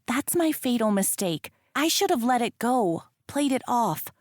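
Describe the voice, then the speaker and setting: A woman's voice: on the high side, sing-song, unhurried, few pauses, no room sound, clean studio sound. Woman narrating a wry romance audiobook. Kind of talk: first-person romance narration.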